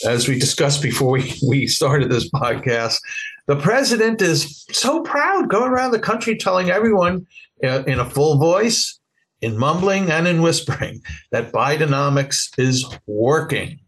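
A man with a Bronx accent, cohosting a political podcast and reading sponsor ads in a halting, casual way. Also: on the high side, big pitch swings, fairly bright tone, rough recording. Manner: halting, with many restarts and fillers. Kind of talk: casual chat and host-read ads.

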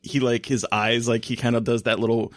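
An animated man chatting on a podcast, laughing his way through a story as he talks. His voice sits at an ordinary middle pitch and is recorded very dry and close, with no room sound around it. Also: brisk, no echo. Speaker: podcast co-host. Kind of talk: casual chat.

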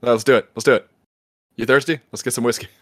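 A man's voice: medium pitch, steady tone, fast, a bit bright, no echo, studio quality, lightly acted. Man doing a goofy rich team owner. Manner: silly, offhand and jokey. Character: goofy impression of a rich male team owner, laid-back and rambling. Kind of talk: podcast bit.

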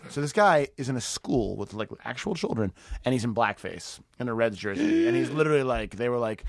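A man in his thirties trading comedy stories on a podcast, laughing and cursing as he goes. His pitch swings widely and his voice sits close and dry on the mic. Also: brisk, no echo. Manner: lively storytelling with frequent laughs and swearing. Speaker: comedian guest. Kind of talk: casual comedy podcast chat.

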